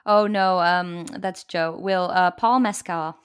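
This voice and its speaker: A woman co-hosting a film podcast, easygoing and quick to laugh, chatting casually about a movie. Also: fairly low pitch, steady tone, clear, resonant tone. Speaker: podcast co-host. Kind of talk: casual film-review chat.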